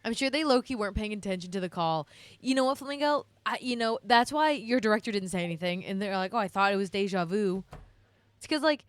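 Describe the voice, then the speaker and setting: A woman's voice: mid-range voice, lively intonation, fast talker, clean tone, no echo. A young adult woman streamer chatting casually to her viewers, telling a rambling, self-deprecating story with frequent laughs. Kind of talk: casual live-stream chat.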